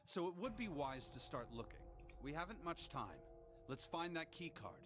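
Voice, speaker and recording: An actor playing a calm, composed blind man who speaks in a measured, formal way. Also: a little high, faint music behind.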